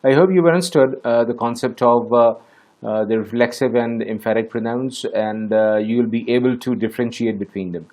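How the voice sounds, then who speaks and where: A man's voice: mid-range voice, steady tone, darkish tone. A man teaching an English grammar lesson, explaining methodically with frequent hesitations. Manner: measured, methodical, with many hesitations.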